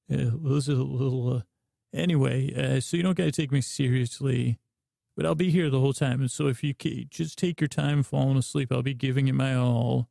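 A man meanders through a bedtime podcast monologue, trailing off and restarting with deadpan nonsense. His voice is heavily gravelly and mellow, the pitch flat. It sounds dry and close, with no room around it. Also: no echo. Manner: slow drawl. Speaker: podcast host.

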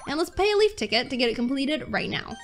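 A woman's voice: high voice, very animated, fast, soft background music. A young American woman giving casual, gushing commentary while playing a cozy mobile game. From United States. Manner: chatty, gushing with fillers. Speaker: gaming YouTuber.

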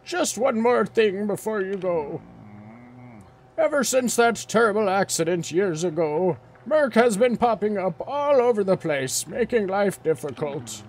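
A man voicing a kindly old village man in a game, in a slow, drawn-out old man voice. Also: sits high, animated, slight background noise, pitched above the performer's own voice. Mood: friendly.

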